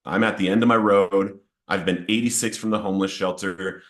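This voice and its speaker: A man's voice: sits low, steady tone, fairly quick. A man sharing a personal testimony of addiction and recovery, earnest and emotional, his voice rising sharply at the intense moments. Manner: earnest, emotional storytelling, rising to near-shouting at peaks. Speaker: testimony speaker.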